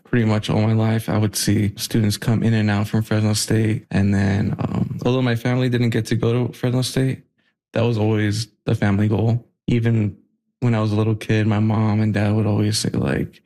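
A student in his twenties talks casually and a bit hesitantly in an interview. His voice is low, flat and gravelly. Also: normal speed. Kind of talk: interview speech.

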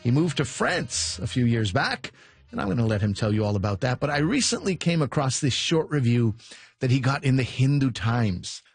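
A man's voice: medium pitch, animated, moderate pace, slightly rough, no echo. A man hosting a broadcast, giving an upbeat scripted introduction to a comedian. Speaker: radio host introducing comedians.

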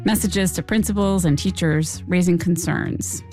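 A woman host giving calm, measured narration for a podcast. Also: on the low side, soft background music.

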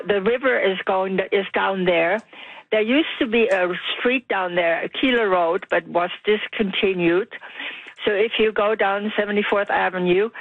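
A woman's voice: mid-range voice, no echo. A woman calling in to a radio show, plainly giving step-by-step directions. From Canada. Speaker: caller. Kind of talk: phone-in call. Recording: tinny phone line.

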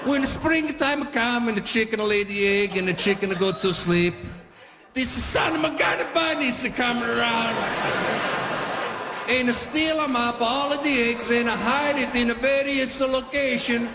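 A man putting on the voice of his older Italian immigrant father, with a thick Italian accent and broken English, making loud theatrical threats in a stand-up routine. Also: extremely high pitch, a little slow, pitched above the performer's own voice. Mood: indignant. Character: hot-tempered older Italian immigrant dad. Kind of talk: stand-up comedy impression. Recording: reverberant room with clear ambient noise.

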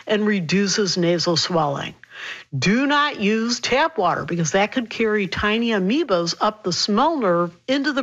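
Lively woman doctor explaining health. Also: mid-range voice, highs cut off. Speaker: physician health contributor. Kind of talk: explanatory radio interview.

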